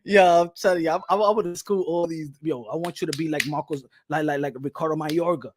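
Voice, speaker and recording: A man with a fairly high voice chats loosely as a boxing show host. He is animated, laughs often and mixes into his English. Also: quick pace, noisy background. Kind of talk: casual chat reading comments.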